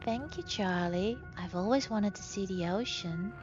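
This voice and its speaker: A woman's voice: mid-range voice, measured pace, close to an everyday voice. A woman voicing a hopeful, wistful young woman in a horror game, speaking in a raised, eager voice. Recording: dull lo-fi sound with game music.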